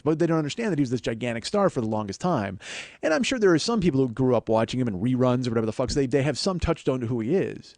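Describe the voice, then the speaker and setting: A man's voice: on the high side, expressive, very fast, a little mellow, dry recording. A man in his forties hosting a podcast, telling stories in a rambling, self-deprecating and profane way. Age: 40s. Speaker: podcast host. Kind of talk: comedic storytelling monologue.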